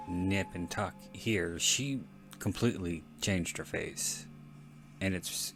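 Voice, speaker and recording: A man hosting a podcast, giving casual, rambling movie commentary, frank and prone to self-correction and casual swearing. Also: low-pitched. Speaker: podcast host.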